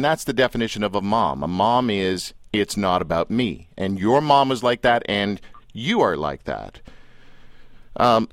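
A man's voice: medium pitch, no echo. A man hosting an interview, asking questions in a loose, conversational way. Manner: conversational, with filler and restarts. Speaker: host. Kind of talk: casual interview.

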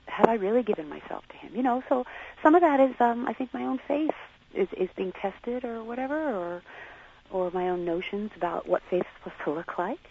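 A woman being interviewed on the radio, talking in a halting, searching way and questioning herself as she reflects. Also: medium pitch, lively intonation, vocal fry, phone-quality sound, a little hiss or hum. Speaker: interview guest.

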